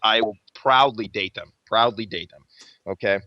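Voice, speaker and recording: A man, a podcast host, telling a long story in casual chat, rambling and swearing constantly with lively energy. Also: fairly low pitch, moderate pace, no echo. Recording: dull lo-fi recording.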